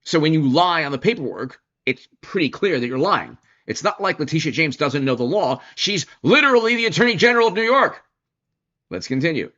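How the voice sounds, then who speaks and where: A man delivering an opinion commentary monologue in an animated, sarcastic manner, mocking opponents by putting on their voices. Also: on the high side, a little fast, lo-fi sound. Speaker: political commentator.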